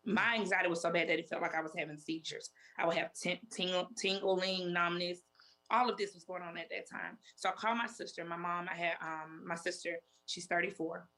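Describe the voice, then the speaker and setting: A woman in her forties, a talk show guest, telling her story in a halting way and repeating herself often. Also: fairly low pitch, pushed and bright. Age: 40s. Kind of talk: emotional interview testimony.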